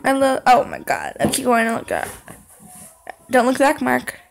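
A young woman playing a horror game, talking to the screen, singing along and yelling when scared. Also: high voice, wildly swooping pitch, normal speed, vocal fry, background noise. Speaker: gaming channel host. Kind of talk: horror game let's play commentary.

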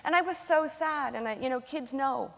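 A middle-aged woman, a guest author, telling a personal story on stage in candid, animated conversation. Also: high voice, moderate pace, vocal fry. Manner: candid, emotional, animated retelling with acted-out dialogue. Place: large auditorium stage. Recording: long hall reverb.

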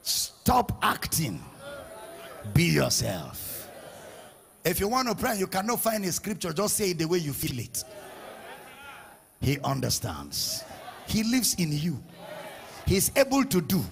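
A man preaching a sermon, leading the congregation in call-and-response, shouting in a sing-song preaching cadence. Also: high-pitched, vocal fry, a little hiss or hum. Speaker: pastor. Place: church hall with congregation.

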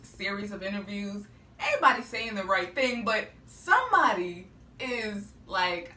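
Slow-talking woman, distant in a roomy space. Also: mid-range voice, animated, heavy background noise. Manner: laughs often, playful. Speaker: host. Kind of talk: casual chat.

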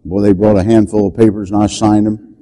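An older man preaching, telling a story dramatically and shouting the commands he quotes. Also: lowish voice, level tone, brisk, rough recording. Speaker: deliverance preacher. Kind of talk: storytelling sermon.

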